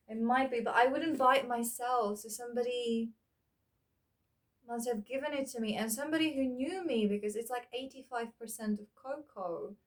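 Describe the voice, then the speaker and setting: A woman chatting casually as she sorts through old keepsakes, rambling and thinking aloud with many fillers. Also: a little high. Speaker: vlogger. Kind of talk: casual reminiscing while sorting keepsakes.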